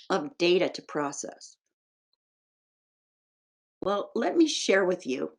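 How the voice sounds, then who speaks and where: A woman's voice: medium pitch, a little mellow. Scratchy-voiced woman giving a webinar lecture. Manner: measured, explanatory, with occasional throat-clearing. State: scratchy voice with intermittent coughing. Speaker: education researcher presenting a webinar.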